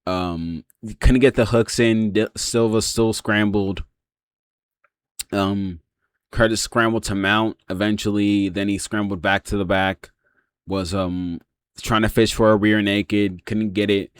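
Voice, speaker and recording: A man with a lowish voice talks through a fight breakdown in a loose, rambling way, filling his pauses with 'um' and swearing often. The sound is dry and close, with no room around it. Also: fairly even intonation, clear, resonant tone, no echo. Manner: rambling, heavy swearing, many fillers. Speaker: MMA reaction channel host.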